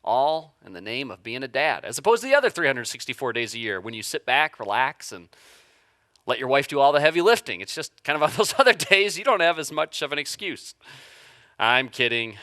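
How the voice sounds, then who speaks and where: Male pastor, thirties, casual joking sermon, crisp bright tone, dry close sound. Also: medium pitch, big pitch swings, brisk, no echo. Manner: conversational and joking, with stumbling restarts. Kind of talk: livestreamed sermon.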